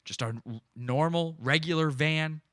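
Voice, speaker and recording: A man with a bright, forceful voice that sits a little high for a man hosts a podcast. He gives gleeful, mocking play-by-play of stream footage and often laughs. The sound is dry and close. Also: measured pace, dry recording. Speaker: podcast host. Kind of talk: live commentary on stream footage.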